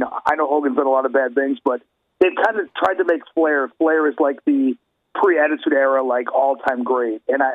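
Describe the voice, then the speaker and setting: A man co-hosting a casual wrestling podcast who gives firm opinions with lots of "like" and "you know". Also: medium pitch. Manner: opinionated, many fillers. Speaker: podcast co-host. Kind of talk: casual chat. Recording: husky, phone-like sound.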